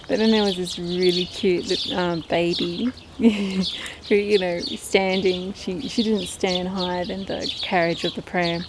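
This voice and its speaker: A woman's voice: fairly low pitch, background noise. A woman chatting casually to camera about her poultry in a backyard, talking to her birds as she goes. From Australia. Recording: outdoor recording with loud birdsong.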